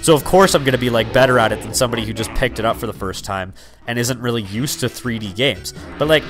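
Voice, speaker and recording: A man's voice: medium pitch, fast, over music. Rambling young man narrating gameplay. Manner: rambling, full of fillers and 'like'. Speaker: let's player. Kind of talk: casual gameplay commentary.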